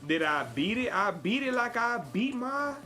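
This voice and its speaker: A man's voice: very high voice, sing-song, normal speed, sharp tone. A man from Chicago live-streaming a game and chatting with viewers in a playful put-on Southern cowboy drawl. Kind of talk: live gameplay stream chat.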